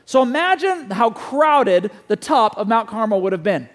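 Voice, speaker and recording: A man preaching a sermon, telling a story with animated delivery and putting questions to the listeners. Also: extremely high pitch, normal speed, hardly any pauses, long reverb tail. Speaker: pastor.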